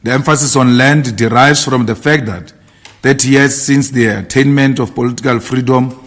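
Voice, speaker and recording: A man's voice: mid-range voice, steady tone, moderate pace, fairly bright tone. Man giving a political speech. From South Africa. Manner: declamatory, repetitive rallying cadence. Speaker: party leader giving a statement.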